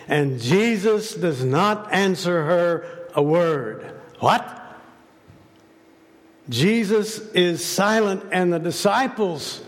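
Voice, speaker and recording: A man's voice: high-pitched, animated, slow, hardly any pauses. A man preaching a sermon, telling a story dramatically and asking rhetorical questions. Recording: long hall reverb.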